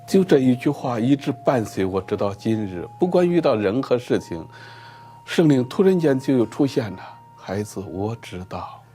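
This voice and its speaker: A man from China giving a religious testimony in an interview, telling his story in an earnest, measured way. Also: mid-range voice, sing-song, mellow, soft background music. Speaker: interviewee, Christian preacher.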